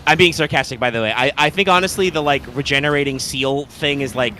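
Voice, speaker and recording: A man's voice: mid-range voice, quick pace, bright, forceful tone, slight background noise. A man co-hosting a live gaming stream, chatting casually and rambling with lots of fillers, restarts and swearing. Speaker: co-host.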